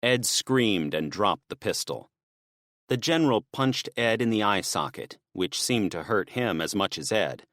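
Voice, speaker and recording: Low-voiced male audiobook narrator. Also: expressive, unhurried, fairly bright tone, dry recording, clean studio sound. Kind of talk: scripted narration.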